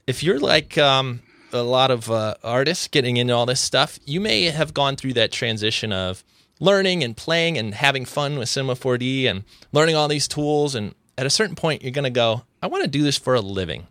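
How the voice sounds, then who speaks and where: A man's voice: medium pitch, expressive, moderate pace, sharp tone, no room sound. A man hosting a podcast in casual chat, rambling and often restarting his sentences. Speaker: podcast host.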